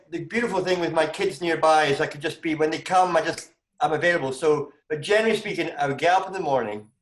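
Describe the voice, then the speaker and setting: A Scottish man chatting animatedly as a comedian guest on a video call, breaking into high exclamations. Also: echoey room. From Scotland. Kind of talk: casual video call chat.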